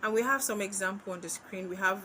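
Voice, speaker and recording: In this exam-prep literature lesson, a Nigerian tutor speaks slowly and repeats her main points, asking questions only to answer them herself. She has a mid-range, bright, forceful voice, heard through poor audio with a little background noise.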